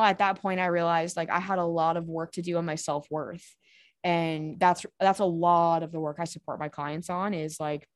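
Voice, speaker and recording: A woman's voice: lowish voice, dry recording, clean studio sound. A woman podcast guest and coach telling a personal story in a candid, chatty way, swearing freely and filling with "like". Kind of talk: casual conversational storytelling.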